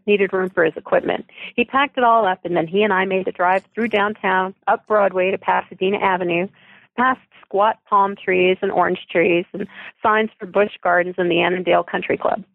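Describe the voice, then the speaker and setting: A woman's voice: mid-range voice, gravelly, no room sound. A woman novelist reading her own story aloud in a wry storytelling manner over a phone line.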